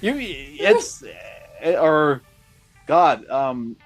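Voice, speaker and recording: An easygoing man co-hosts a podcast, speaking in a slightly high voice and hesitating often as he chats. Faint music plays softly behind him. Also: very animated, extremely slow. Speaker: podcast co-host. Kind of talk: casual banter.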